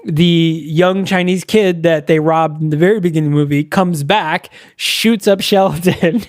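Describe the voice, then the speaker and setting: Podcast co-host, higher-pitched man, dry close sound, rambling and profane. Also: steady tone, a little slow, no echo. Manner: rambling, profane, laughs often. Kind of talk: casual movie recap chat.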